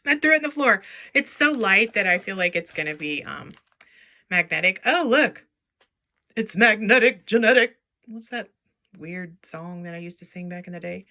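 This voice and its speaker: Chatty, lively woman vlogging. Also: medium pitch, moderate pace. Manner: chatty and playful, talks to objects in silly voices. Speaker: jewelry reseller vlogger. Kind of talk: casual chat while sorting jewelry.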